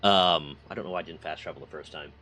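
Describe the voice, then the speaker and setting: A man's voice: a bass voice, fast talker, bright, forceful tone. A man streaming a game while telling a rambling, profane story in a casual way. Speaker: gaming streamer.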